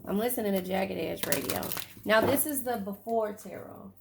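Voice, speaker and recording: A woman's voice: medium pitch, normal speed, creaky, very noisy. A woman giving a casual tarot reading, chatty and swearing, often repeating her phrases. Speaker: tarot reader.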